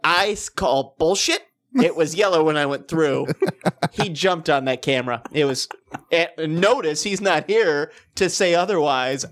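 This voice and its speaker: Man joking crudely on a podcast, higher-voiced. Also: expressive, a bit bright. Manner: crude, joking, quick to laugh at his own stories. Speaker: podcast co-host. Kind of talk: casual podcast chat.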